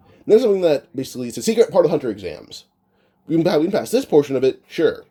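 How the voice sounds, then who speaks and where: A man with a very dark, mellow voice improvises a fan storyline in a loose, chatty way. He rambles, restarts his sentences and leans on filler words as he goes. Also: on the high side, very animated, fast talker, slightly rough. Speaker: anime what-if storyteller. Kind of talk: casual improvised retelling.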